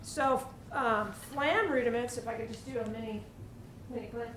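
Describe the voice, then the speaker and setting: A woman leading a percussion clinic for students in a school hall, energetic, asking the room questions and demonstrating. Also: fairly high pitch, moderate pace, slight background noise. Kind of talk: teaching a drum clinic to students. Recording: echoey hall, mic at a distance, drumming behind.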